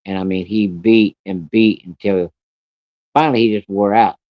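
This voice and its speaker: Low-voiced man, plain-spoken, blunt storyteller; dry, lo-fi. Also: fairly even intonation, moderate pace, no room sound. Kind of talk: personal storytelling. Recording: dry, dull lo-fi recording.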